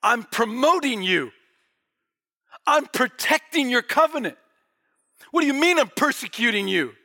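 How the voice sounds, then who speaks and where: A man's voice: very high-pitched, animated, measured pace, sharp tone, pitched above the performer's own voice, exaggerated voice. A preacher acting out a bewildered man protesting. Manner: incredulous, protesting. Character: stunned, bewildered man protesting his loyalty.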